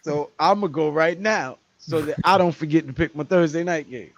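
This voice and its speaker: A man's voice: fairly high pitch, normal speed, highs cut off. A man on a sports podcast panel, speaking in a casual, slangy way.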